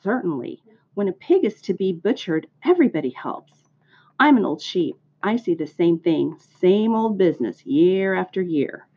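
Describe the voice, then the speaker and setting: A woman reading a storybook aloud, voicing a blunt, sharp-tongued old female sheep in a matter-of-fact manner. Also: fairly low pitch, sing-song, moderate pace, husky, heavily acted. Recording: dull lo-fi recording.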